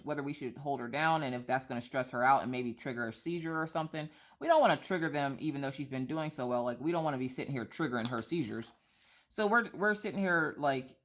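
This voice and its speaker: A woman in her thirties chatting casually about her kids while she colors, telling lively stories and acting out quotes. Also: very deep voice. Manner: chatty, animated storytelling with voiced quotes. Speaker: vlogger and mother.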